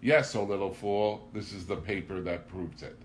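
A man's voice: deep voice, fairly even intonation, moderate pace, slight background noise, voice pushed up, natural voice. A man voicing a scheming, cruel businessman who sneers and later screams in outrage. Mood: smug, mocking. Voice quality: oily, mocking, then screaming in rage.

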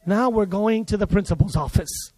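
A man preaching a sermon at a church service, telling a childhood story in an animated way and acting out the other people in it. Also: high voice, normal speed. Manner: animated, acts out quoted voices. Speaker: pastor. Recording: long hall reverb.

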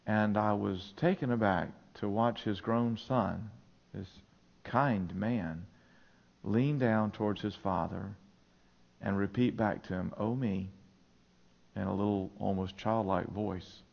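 A man's voice: lowish voice, takes it slowly, vocal fry. A male pastor preaching a sermon in a church, telling stories in an earnest way. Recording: dull lo-fi sermon recording.

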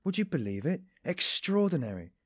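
A man reading an audiobook, voicing an excitable young male friend who bursts out high and loud. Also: moderate pace, breathy edge, dry recording, studio quality, heavily acted. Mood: excited.

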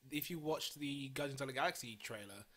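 A man's voice: medium pitch, fairly quick, fairly bright tone. A young British man hosting a casual comics podcast, chatty, with stumbling restarts. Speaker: podcast host. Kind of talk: casual chat.

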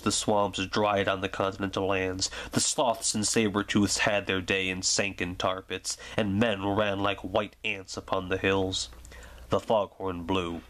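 A man giving a soft, slow, soothing ASMR reading of a story for sleep. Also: low voice. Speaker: reader.

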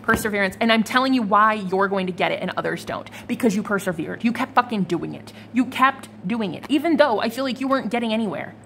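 A woman's voice: medium pitch, quick pace, creaky, few pauses, fairly bright tone, slight background noise. A woman giving a casual, chatty tarot reading to her viewers, swearing freely and laughing now and then. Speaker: tarot reader.

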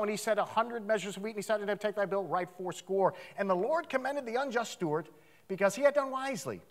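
A man preaching a sermon in a church, animated, swinging from loud outcries to hushed asides. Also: sits high, fast talker. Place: church sanctuary.

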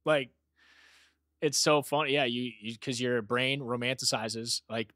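A man's voice: medium pitch, normal speed, bright, forceful tone, dry recording, clean studio sound. A man co-hosting a podcast in easygoing casual chat, joking and acting out little quotes. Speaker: podcast co-host.

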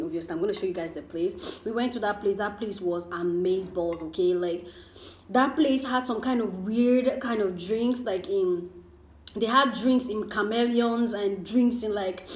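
A woman's voice: mid-range voice, echoey room. A woman in her twenties telling a rambling, chatty story while eating on a casual mukbang vlog. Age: 20s. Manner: rambling, chatty, full of fillers. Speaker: vlogger.

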